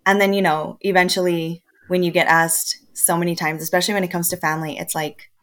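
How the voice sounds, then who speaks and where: A woman in her twenties from El Paso, Texas, telling her story as a podcast guest in a lively, casual way, often laughing and acting out what other people said. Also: fairly low pitch, fairly quick. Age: 20s. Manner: lively, often laughing, acts out quoted dialogue.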